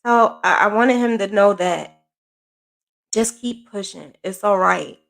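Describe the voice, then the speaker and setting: Woman, business mentor, casual motivational vlog, gravelly voice, earnest and repetitive. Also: mid-range voice, takes it slowly, a bit bright. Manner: earnest, encouraging, repeats phrases for emphasis. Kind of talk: casual motivational talk to camera.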